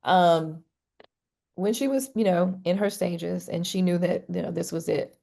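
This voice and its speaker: A woman's voice: lowish voice, measured pace, gravelly, dark tone. A middle-aged woman, a counselor, speaking as a podcast guest in an earnest, heartfelt way. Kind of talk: conversational interview.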